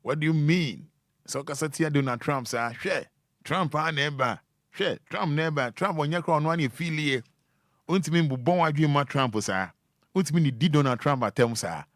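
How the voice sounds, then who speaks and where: A man's voice: a little high, no room sound, clean studio sound. A man hosting a radio show, chatting casually and animatedly with teasing asides. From Ghana. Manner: animated, teasing, breaks into drawn-out sounds. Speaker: radio host.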